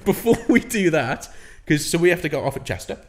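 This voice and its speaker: A man's voice: on the high side, big pitch swings, brisk. A young man, co-hosting a podcast and telling a long story in a casual, rambling way with plenty of swearing. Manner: rambling, swears freely, acts out voices in his stories. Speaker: podcast co-host.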